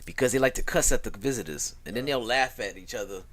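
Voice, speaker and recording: Lively, joking man hosting a podcast. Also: medium pitch, fast talker. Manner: lively, joking, crude, reads news items aloud. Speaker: podcast host. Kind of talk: casual podcast banter.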